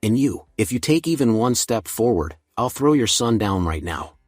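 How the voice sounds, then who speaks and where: A man gives a ruthless teenage boy in a storybook recap. The voice is husky and dry, and each line comes in the same flat, even tone. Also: lowish voice, moderate pace, no room sound, soft background music. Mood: cold. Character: cold ruthless teenage boy, protective of his sister.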